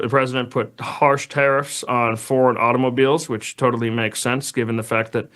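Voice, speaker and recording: A man's voice: medium pitch, fairly bright tone. A man speaking as a guest commentator, giving opinionated political analysis in a conversational way with frequent restarts. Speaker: news editor guest.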